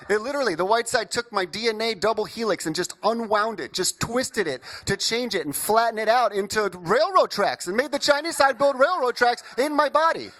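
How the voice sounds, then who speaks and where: A young man from Indiana performing an animated stand-up comedy set, riffing with the crowd. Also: extremely high pitch, normal speed. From Indiana, USA.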